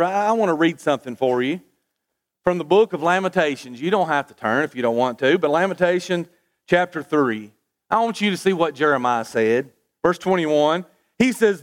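A man's voice: fairly high pitch, lively intonation, moderate pace. A man preaching a sermon, asking rhetorical questions with folksy asides and stammered restarts.

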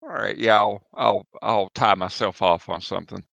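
A man's voice: on the low side, steady tone, moderate pace, vocal fry, a bit bright, dry recording, dull audio. A man chatting casually as a player in a tabletop game. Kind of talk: casual play chat.

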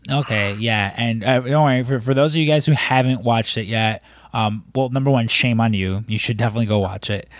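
A man's voice: medium pitch, brisk, hardly any pauses. A man on a podcast telling a long, rambling story in casual chat, swearing and acting out what people said. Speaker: podcast co-host.

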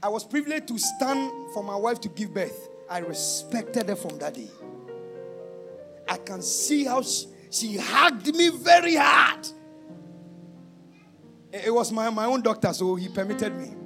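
High-pitched, shouting preacher. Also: male voice, very animated, unhurried, gravelly, pauses often, music in the background. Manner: shouting and half-singing, then dropping to a low confiding tone. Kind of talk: sermon.

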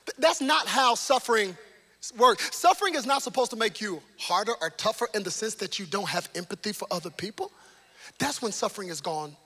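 Speaking a little fast in a high voice, a male preacher delivers an animated, lively sermon that swings between loud, emphatic lines and hushed, almost whispered stretches.

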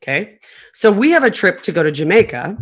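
A woman in her fifties hosting a podcast, telling stories in a lively, profane, joking way. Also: medium pitch, brisk. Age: 50s. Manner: animated, profane, laughing storyteller. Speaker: podcast host. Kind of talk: casual storytelling chat.

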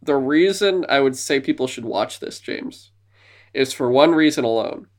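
A man's voice: medium pitch, animated, normal speed. Male podcast co-host, casual chat, eager storyteller with playful bits of voice acting. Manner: enthusiastic retelling of movie scenes, slipping into silly voices.

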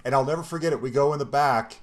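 A man's voice: medium pitch, quick pace. Laughing, eager male podcast host. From Colorado. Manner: laughs often, eager listener. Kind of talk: casual interview chat.

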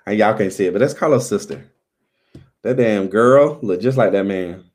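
A man's voice: fairly low pitch, normal speed, darkish tone. A man hosting a live stream, chatting loosely as he signs off, with many ums and restarts. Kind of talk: casual live stream sign-off chat.

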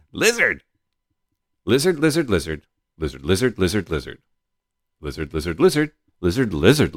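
A man's voice: medium pitch, gravelly, dry recording, clean studio sound. A man co-host giving a mock-dramatic reading, over the top and swooping. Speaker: podcast co-host.

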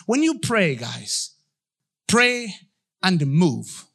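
High, bright-voiced pastor preaching energetically. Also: male voice, slow. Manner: animated, acts out voices and dialogue. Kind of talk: energetic sermon.

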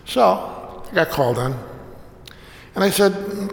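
Wry priest in an echoey hall. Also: male voice, sits high, wildly swooping pitch, normal speed, vocal fry, pauses often. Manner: wry, self-deprecating storytelling. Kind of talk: humorous anecdote told to an audience. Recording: echoey hall with long reverb.

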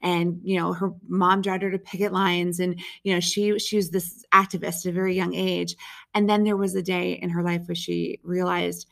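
A woman's voice: lowish voice, little pitch movement, normal speed, creaky, a bit bright. A woman guest on a podcast, a storytelling show director, talking casually in long reflective thoughts. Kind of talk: casual conversation.

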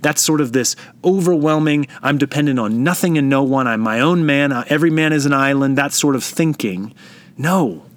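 A man preaching a sermon, reflective and emphatic, slowing down to stress key phrases. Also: mid-range voice.

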